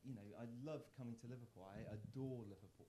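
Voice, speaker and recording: A young man from the doing a live stand-up set in a comedy club, self-mocking, with stammered restarts and sudden loud punchlines. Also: medium pitch, fast talker, a little hiss or hum. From Worcester, England.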